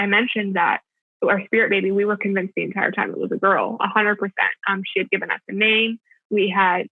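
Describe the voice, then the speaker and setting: A young adult woman with a medium-pitched voice tells a personal story as a podcast guest, chatty and full of filler words. The audio is tinny like a phone line, dry with no echo.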